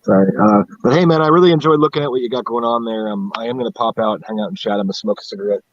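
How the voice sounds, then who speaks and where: Chatting casually on a stream, a husky man from central upstate New York rambles, swears through his stories, and laughs at himself. He speaks rapid-fire at a middle pitch, and the sound is dry, slightly dull, and free of room sound, like a lo-fi stream mic.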